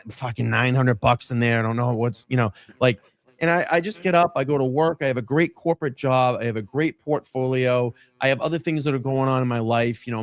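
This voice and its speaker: A man's voice: medium pitch, no room sound. A man co-hosting a casual streaming chat show, brash and profane, mocking others. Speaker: co-host. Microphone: streaming mic.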